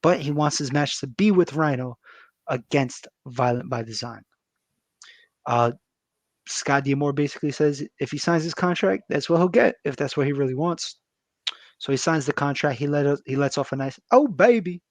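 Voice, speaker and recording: A man's voice: on the high side, moderate pace, no room sound. A man co-hosting a podcast, casually recapping a wrestling episode with loose, profane banter. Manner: loose and profane, with frequent fillers and laughs.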